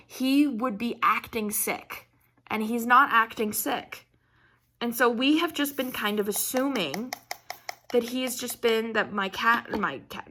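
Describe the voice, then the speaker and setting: A young woman hosting a casual craft-channel chat, telling a story in an animated way and swearing freely. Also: a little high.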